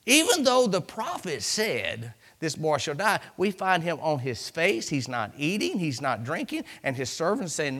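A man's voice: fairly high pitch, big pitch swings, normal speed, hardly any pauses, a bit bright. A man preaching a sermon in a church, chatty and conversational, acting out asides and breaking in with hallelujahs. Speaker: pastor.

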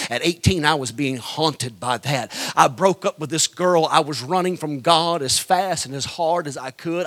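A middle-aged man preaching a Pentecostal sermon, telling his own testimony and swinging from quiet storytelling to shouted pleading and whispers. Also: a little high.

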